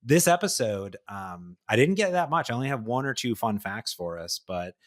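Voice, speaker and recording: Energetic male podcast host. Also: medium pitch, normal speed, no room sound, studio quality. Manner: energetic, animated, self-deprecating. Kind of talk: casual podcast chat.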